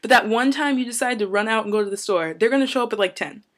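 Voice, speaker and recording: A woman's voice: fairly high pitch, animated, quick pace, fairly bright tone. A young woman talking casually to camera in a vlog, rambling and going off on tangents in an upbeat, chatty way. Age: young adult. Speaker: vlogger.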